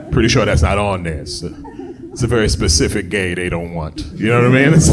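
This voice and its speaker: A man's voice: lowish voice, noisy background. A man performing a stand-up comedy set on a club stage into a handheld mic, riffing in a loose, conversational way with asides to the crowd. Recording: live club with loud audience.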